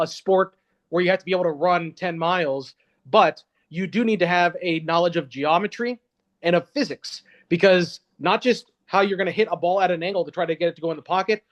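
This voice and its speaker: A man with a notably high voice speaks as a guest in a casual interview, circling his points with lots of "um" and "like". His twang comes through a dull, muffled recording. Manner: rambling, with many fillers and restarts. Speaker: guest reporter. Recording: dull, lo-fi sound.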